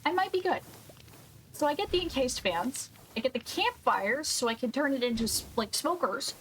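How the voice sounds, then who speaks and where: A woman's voice: high voice, animated, moderate pace, slight background noise. A woman streaming a game, thinking aloud and questioning herself as she works through a problem. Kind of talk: casual gameplay commentary.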